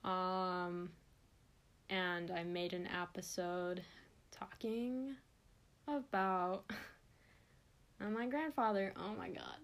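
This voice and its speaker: A woman's voice: lowish voice, steady tone, drawn-out words, long pauses. A young woman hosting her own podcast, talking in an earnest, rambling and openly emotional way. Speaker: podcast host. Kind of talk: casual podcast monologue.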